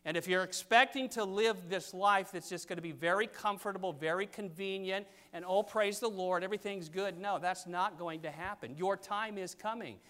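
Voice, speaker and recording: An older man preaching a sermon, reading scripture and pressing his points with sudden loud stresses. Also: high-pitched, normal speed, few pauses. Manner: emphatic, pulpit cadence with sudden loud stresses.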